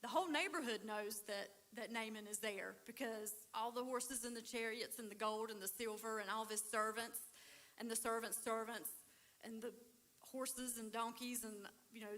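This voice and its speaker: A woman giving a conversational sermon at a church recovery ministry, telling Bible stories with animated, acted-out dialogue. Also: a little high, normal speed. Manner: animated storytelling, acts out biblical characters.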